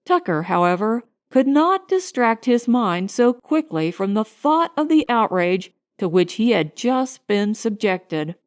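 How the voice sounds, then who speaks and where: Woman narrating an audiobook, slow and expressive. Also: on the high side. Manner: expressive, unhurried storytelling.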